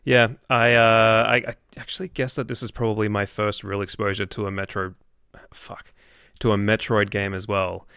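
Man, podcast guest, low voice, dry close sound, laid-back chat. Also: level tone, moderate pace, vocal fry, bright, forceful tone, clean tone, dry recording. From Australia. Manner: laid-back, laughs often.

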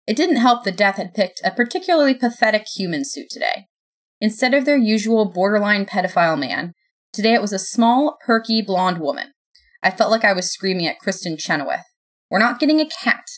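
A young adult woman reading a first-person story aloud in a sardonic, lively way. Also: mid-range voice, brisk. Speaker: narrator.

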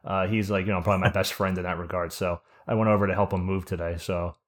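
A man's voice: low voice, fairly even intonation, fast talker. A man hosting a casual podcast chat, telling stories in a rambling way with lots of fillers. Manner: rambling storyteller with many fillers. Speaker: podcast host.

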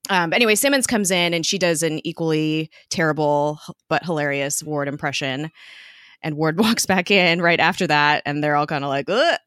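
A woman's voice: low voice, a little fast, fairly bright tone, clean tone, no room sound, clean studio sound. A woman co-hosting a podcast, casually recapping a TV episode, chatty with lots of fillers and laughs. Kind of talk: casual chat.

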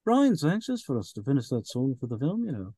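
A man's voice: medium pitch, wildly swooping pitch, a little fast, dark tone, husky, dry recording, heavily acted. A man voicing an upbeat young male pop musician with a Liverpool accent, read aloud from an audiobook passage. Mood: eager.

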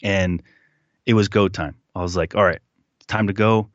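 A man guest telling a personal story in a casual, animated way, acting out what people said. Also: low voice, moderate pace, no room sound, highs cut off. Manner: animated retelling, acting out quotes. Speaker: podcast guest.

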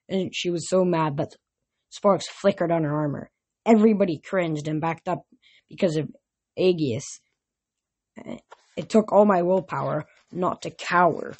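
A woman reads a novel aloud in a steady, plain manner. Her voice sits low and carries a breathy, husky edge. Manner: plain, steady reading with small restarts. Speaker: narrator.

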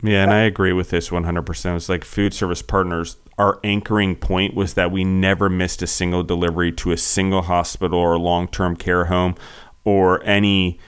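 A man co-hosting a podcast, talking emphatically and loudly close to the mic. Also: deep voice, level tone, moderate pace, clean tone. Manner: emphatic, worked up, loud into the mic. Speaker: podcast co-host. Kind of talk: casual podcast chat.

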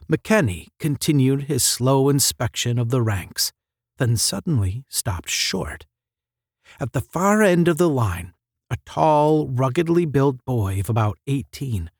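A man narrates an adventure novel in a measured, expressive way. His delivery is slow and animated in pitch, and the recording is dry and close. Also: no echo. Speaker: reader. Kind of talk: audiobook narration.

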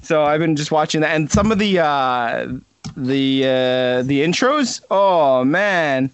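A man's voice: a little high, expressive, slow, clear, resonant tone, lo-fi sound. A young man co-hosting a podcast in casual chat from home, laid-back, swearing freely and laughing often. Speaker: podcast co-host.

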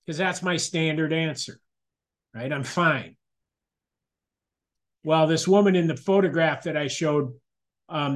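A middle-aged man gives a personal testimony at a support meeting. His voice sits a little high for a man, and he talks in a candid, conversational way, circling back and restarting his sentences. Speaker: meeting speaker sharing recovery story.

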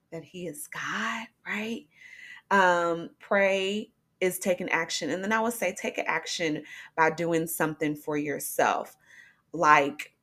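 A woman's voice: lowish voice, a bit bright. A young woman hosting a faith podcast, talking in an earnest, conversational way with frequent fillers. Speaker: podcast host. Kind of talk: faith-based encouragement podcast.

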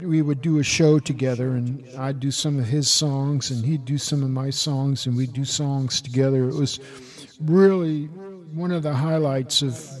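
Rambling older man, fairly high voice. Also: a little mellow. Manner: rambling, halting, wry grumbling. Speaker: musician and podcast co-host. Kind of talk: casual chat.

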